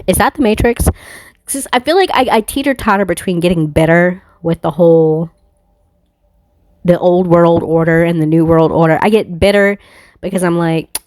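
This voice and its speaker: In a dry, close recording, a woman who reads tarot rambles through a loose spiritual monologue at a moderate pace, swearing freely and often laughing at her own ideas. Her voice is lowish, with a darkish tone.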